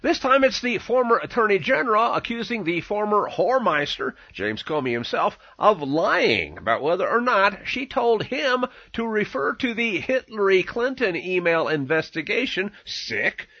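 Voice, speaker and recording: A man delivers sarcastic political commentary in a mocking, theatrical way. His voice is high, bright and husky, and it leaps around in pitch. The recording is dry and dull. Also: very animated, normal speed, few pauses, dry recording. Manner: mocking, theatrical, swinging emphasis.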